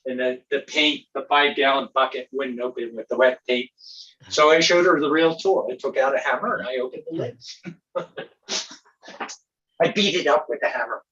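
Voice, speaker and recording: A man's voice: mid-range voice, normal speed, bright, forceful tone, distant mic, lo-fi sound. A man serving as a county supervisor, joking and playful in a meeting held over a video call.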